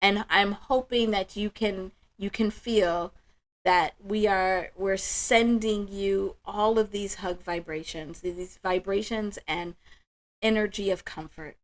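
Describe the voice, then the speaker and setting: Woman doing a spiritual live stream, talks real slow and gentle, mid pitch, all affirmations and hugs for the chat. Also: steady tone. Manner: warm, emotional, affirming, slow and soft-spoken. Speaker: livestream host. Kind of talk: spiritual livestream chat, answering viewers.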